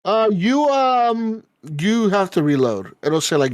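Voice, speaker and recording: A man co-hosting a gaming podcast, telling stories in a lively, casual way and swearing often. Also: high-pitched, slow pace, few pauses, clear, resonant tone. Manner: animated storytelling, swears often. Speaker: podcast co-host. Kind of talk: casual chat.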